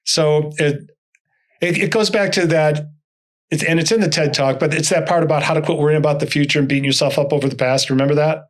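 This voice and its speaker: A man's voice: a little high, fast talker. An older man, a motivational speaker, telling stories as an interview guest and acting out the dialogue in them. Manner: animated, acts out dialogue in stories. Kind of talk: storytelling interview talk.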